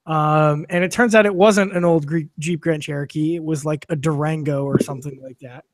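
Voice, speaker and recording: A man's voice: a little high, fairly even intonation, a little fast, no echo, studio quality. A man telling a long anecdote on a casual podcast, with lots of fillers, restarts and swearing, laughing as he goes. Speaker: podcast guest or co-host. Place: studio filmed for video.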